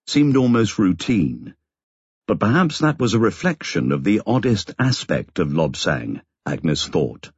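A man narrating an audiobook in a measured, expressive storytelling manner. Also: deep voice, breathy edge, no room sound, dull audio. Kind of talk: scripted narration.

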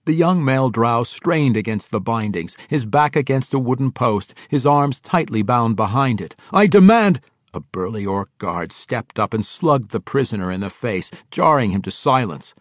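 A man narrating a fantasy audiobook in an expressive storytelling manner on a close microphone. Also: mid-range voice, normal speed, few pauses, dry recording. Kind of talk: scripted narration.

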